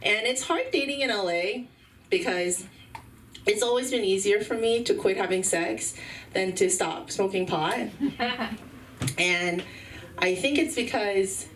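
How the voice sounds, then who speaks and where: A woman's voice: medium pitch, unhurried, pauses often, fairly bright tone. A woman headlining a stand-up set, hesitant, with ums and small laughs. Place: comedy club open mic. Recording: far from the mic, faint room noise.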